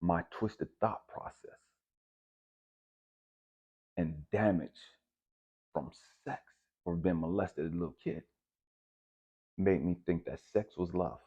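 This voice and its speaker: A man giving a raw, profane personal testimony, swinging between hushed and loud. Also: sits low, slow pace, long pauses, husky, highs cut off. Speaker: speaker sharing a personal testimony.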